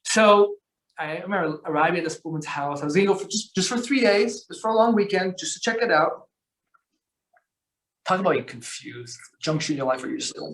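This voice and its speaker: A man telling long stories as a podcast guest, rambling and animated, with lots of fillers, restarts and slang. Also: fairly high pitch, fairly quick. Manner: slangy, calls the host bro. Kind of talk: casual storytelling conversation.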